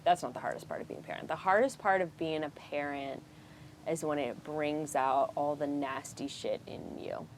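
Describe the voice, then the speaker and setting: A woman speaking as a podcast guest in casual, candid conversation, frank and animated with frequent swearing. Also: sits low, normal speed, a little hiss or hum.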